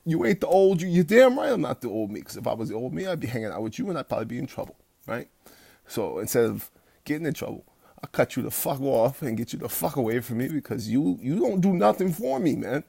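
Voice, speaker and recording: A man with a rough, gravelly voice gives a late-night home pep talk as a fitness coach. He is blunt and swears freely, starts over often, and turns loud and heated when he rants. The sound is dry and close, with no room around it. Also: medium pitch, big pitch swings, fast talker, no echo. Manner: blunt, profane, rambling with restarts.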